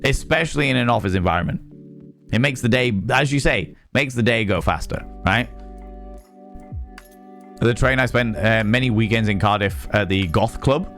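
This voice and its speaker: A man with a West Country accent chatting casually on a live stream, reacting to chat with quick, sweary asides. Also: fairly low pitch, fairly bright tone, soft background music. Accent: West Country English.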